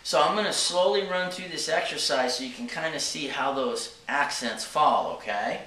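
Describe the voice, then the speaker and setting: In an echoey drum studio, a drum teacher talks casually through each step in plain terms, often checking in with "okay?". His voice is a little high at a normal speed, picked up off-mic from a distance amid background noise.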